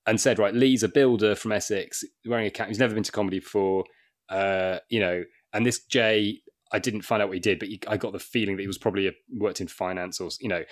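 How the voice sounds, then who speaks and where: Low-voiced man telling stories. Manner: lively anecdotal storytelling, laughing often. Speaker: stand-up comedian guest. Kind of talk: casual chat.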